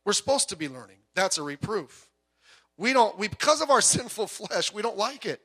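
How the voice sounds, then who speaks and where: Bright, high-voiced man preaching conversationally. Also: very animated, normal speed, slightly rough. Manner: conversational preaching with asides and anecdotes. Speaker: pastor. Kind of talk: sermon. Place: church sanctuary. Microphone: PA microphone heard through speakers.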